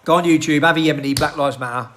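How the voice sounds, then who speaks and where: A man delivering an agitated rant into his handheld phone, firing off rhetorical questions and clearing his throat. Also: fairly high pitch, very fast, a bit bright, a little hiss or hum. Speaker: political activist. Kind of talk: impassioned rant to a phone camera.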